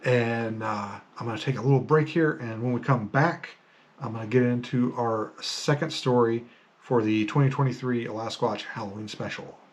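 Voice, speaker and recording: A man's voice: mid-range voice, normal speed. A man hosting a podcast, telling stories in a casual, rambling way with many fillers and restarts. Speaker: podcast host. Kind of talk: casual storytelling monologue.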